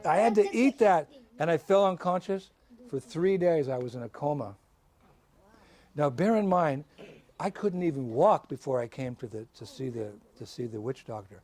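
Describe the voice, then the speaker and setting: A man, a visiting swami, telling a story to schoolchildren in a lively way, laughing and bursting into shouts and chants. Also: a little high, moderate pace. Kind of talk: animated storytelling.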